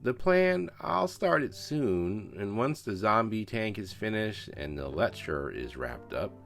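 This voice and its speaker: A man's voice: fairly low pitch, creaky, fairly bright tone. A man narrating a scale model build in a voice-over, with joking, self-mocking banter.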